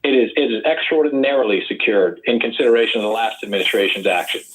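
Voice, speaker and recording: A man running as a political candidate, talking loud and rambling and mocking his opponents in a heated online debate. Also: on the low side, animated, fast. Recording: tinny call audio.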